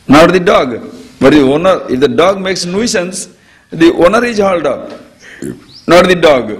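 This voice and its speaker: A man, a spiritual teacher giving a discourse to an audience, animated and chuckling often as he acts out everyday examples. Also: medium pitch.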